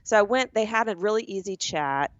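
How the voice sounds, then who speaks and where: A woman from the southern United States co-hosting a casual podcast chat, telling stories with lively acted-out quotes. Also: medium pitch, a little fast, clear, resonant tone, dry recording, dull audio. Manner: animated storyteller who acts out quoted people. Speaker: podcast co-host.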